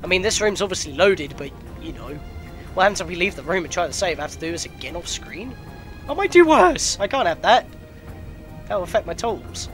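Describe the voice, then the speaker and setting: A man narrating his gameplay in a chatty, excitable way with sudden outbursts. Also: high-pitched, brisk, soft background music. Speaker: let's player. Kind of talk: gameplay commentary.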